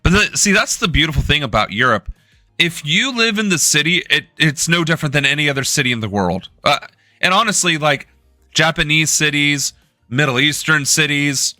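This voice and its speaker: A man's voice: on the high side, pushed and bright, no echo, clean studio sound. Tense, sarcastic profane young man. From United States. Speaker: political streamer host. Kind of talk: live-stream political commentary.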